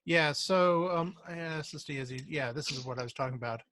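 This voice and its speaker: A man speaking in a casual work meeting over a video call. He thinks aloud, halting and restarting as he works through problems. The sound is dry and close, with no room around it. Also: on the high side, bright, forceful tone, dry recording. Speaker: software engineer in triage meeting.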